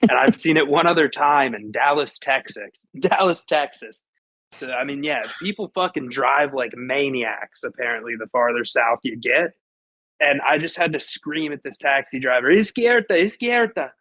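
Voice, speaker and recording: A man's voice: medium pitch, moderate pace, bright, forceful tone, dry recording, rough recording. A man with a Pittsburgh accent co-hosting a sports podcast, telling profane, joking stories. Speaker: podcast co-host. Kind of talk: casual sports chat.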